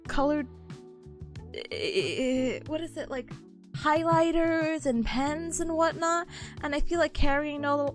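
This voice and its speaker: A woman streamer chatting casually with her viewers, bubbly and giggly, full of fillers. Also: on the high side. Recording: faint music behind voice. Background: faint background music.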